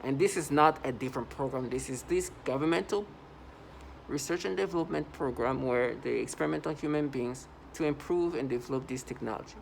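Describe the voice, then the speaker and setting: A man's voice: medium pitch, a little fast, creaky, a little hiss or hum, rough recording. A man recording a first-person video monologue, talking urgently and repeating himself, with lots of "like" between his points. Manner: urgent, repetitive, heavy use of "like". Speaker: vlogger.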